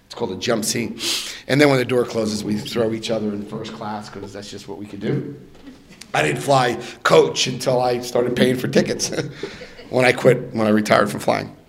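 An older man shares his own story before a group in the loose, animated manner of a practiced speaker. His voice sits at an ordinary middle pitch, and he breaks into laughter and plays out the other people in his story. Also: normal speed, gravelly, a crowd in the background. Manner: animated storyteller who acts out dialogue and laughs often. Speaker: recovery meeting speaker. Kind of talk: personal testimony to a group.

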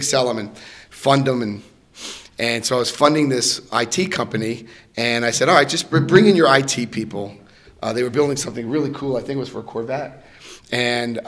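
A middle-aged man telling funny personal stories to an audience at a recovery meeting, chatty and rambling, with fillers and restarts. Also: fairly bright tone. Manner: jumps into high put-on voices when quoting others. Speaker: speaker sharing his story at a recovery meeting. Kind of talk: humorous personal storytelling to an audience.

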